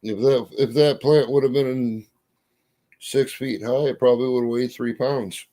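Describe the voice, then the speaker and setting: A man chatting casually, spinning folksy stories at an easy drawl. His voice sits at an average pitch, with mild cursing. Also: fairly even intonation, a little slow, dark tone. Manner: folksy storyteller, drawling, swears mildly. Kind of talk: casual chat.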